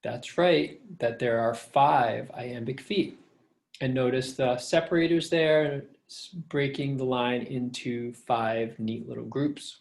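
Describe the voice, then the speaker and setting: A middle-aged man lecturing as a professor over a slideshow, relaxed and conversational, with fillers, reading verse slowly to show its rhythm. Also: medium pitch, gravelly. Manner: reads verse lines slowly to show the meter.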